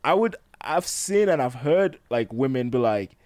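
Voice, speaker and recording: A man's voice: medium pitch, expressive, a little slow, a little mellow, no room sound. A man chatting on a podcast, rambling with lots of fillers. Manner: rambling, many fillers and "you know what I mean". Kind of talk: casual podcast chat.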